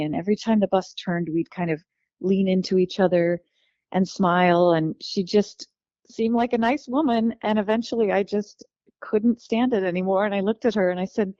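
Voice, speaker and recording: A woman from California, a guest telling her life story in a lively, warm way, acting out the voices of the people she quotes. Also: mid-range voice, no echo, dull audio.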